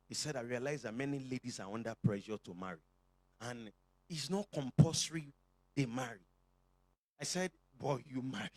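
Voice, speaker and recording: A man's voice: fairly high pitch, dry recording. A male pastor with a Nigerian accent preaching a sermon to his church, joking and calling for responses from the congregation.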